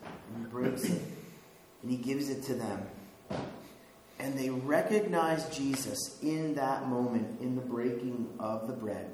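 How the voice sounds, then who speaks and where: Chuckling pastor in a very echoey hall. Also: male voice, mid-range voice, a little mellow. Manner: conversational, asks the listeners questions, chuckles often. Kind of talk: sermon. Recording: very echoey hall with faint hiss.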